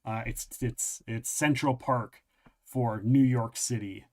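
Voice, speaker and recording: A man's voice: medium pitch, steady tone, takes it slowly, darkish tone. A man running a tabletop game as game master, narrating with frequent restarts while he searches for words.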